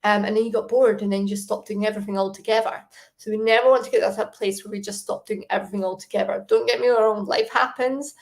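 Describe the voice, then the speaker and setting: A woman's voice: medium pitch, fairly even intonation, fast talker, creaky. A woman, a fitness coach, giving casual, encouraging advice and putting questions to the listener. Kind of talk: casual advice talk to camera.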